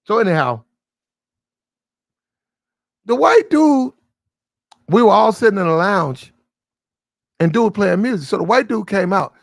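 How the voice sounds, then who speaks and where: A man's voice: high voice, normal speed, vocal fry, pauses often, no echo, clean studio sound. A man casually telling a long, profane anecdote, acting out the people in it. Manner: profane, animated anecdote with quoted voices. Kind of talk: casual storytelling chat.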